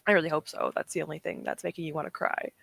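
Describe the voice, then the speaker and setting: A woman's voice: low voice, steady tone, rapid-fire, gravelly, fairly bright tone, no room sound. Woman chatting on a livestream, teary and self-deprecating, sore throat, dry close sound. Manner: chatty, self-deprecating, reads and answers chat. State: emotional, near tears. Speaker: livestream host. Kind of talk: casual livestream chat.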